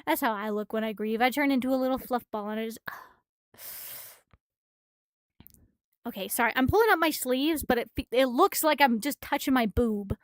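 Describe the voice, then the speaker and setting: A woman with a high voice streams from her room, reading a comic aloud and rambling about it. Slightly out of breath, she gushes and swears freely, and the recording is dry and close.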